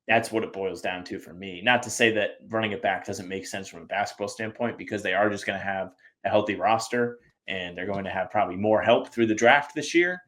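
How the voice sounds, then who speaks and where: Low-voiced man telling a lively story. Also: a little fast, few pauses. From US Northeast. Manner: animated storyteller, acts out quoted people. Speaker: podcast co-host. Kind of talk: casual sports chat.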